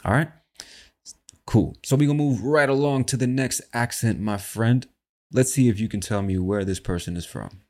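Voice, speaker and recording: A man's voice: medium pitch, normal speed, a little mellow. A man hosting an English-learning show, chatting casually and talking directly to the listener as "my friend.". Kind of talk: casual podcast talk.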